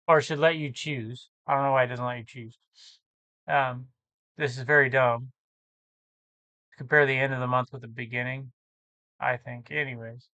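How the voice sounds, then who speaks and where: A man's voice: on the high side, bright, forceful tone, dry recording. A man vlogging about his reselling business, walking through sales numbers on screen in a casual, think-aloud way with self-corrections. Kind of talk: casual screen-share walkthrough.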